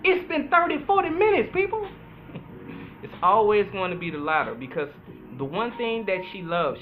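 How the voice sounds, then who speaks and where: Man giving astrology advice over a tinny line. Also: a little high. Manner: animated, preachy, laughs at his own points. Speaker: podcast host. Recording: phone-like sound with music behind.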